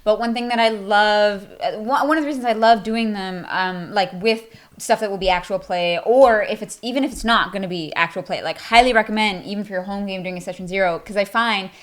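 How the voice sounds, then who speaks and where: Eager woman chatting about tabletop games. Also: medium pitch. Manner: eager, quick agreement. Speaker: tabletop player. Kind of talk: casual podcast chat.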